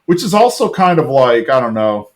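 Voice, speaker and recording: A man's voice: mid-range voice, sing-song, normal speed, a crowd in the background. A man in his thirties casually recapping a cartoon episode on a podcast, rambling with lots of fillers and restarts. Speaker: podcast co-host.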